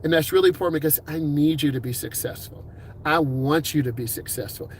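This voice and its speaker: A man's voice: fairly high pitch, slight background noise. Upbeat, encouraging male driving instructor. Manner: upbeat, encouraging, puts on quick voices for quoted people. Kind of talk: casual advice talk to camera.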